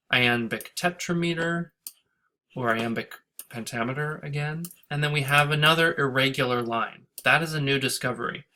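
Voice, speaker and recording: A man's voice: mid-range voice, pushed and bright. A man teaching a class, talking through a screen-recorded lecture and thinking aloud as he goes, with fillers and self-corrections.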